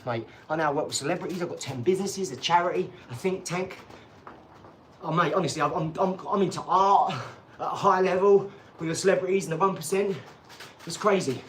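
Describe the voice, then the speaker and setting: A channel host in his 40s, with a fairly high voice, rambles boastfully on a live stream, laughing at himself and drifting into boxing tips. There's slight background noise.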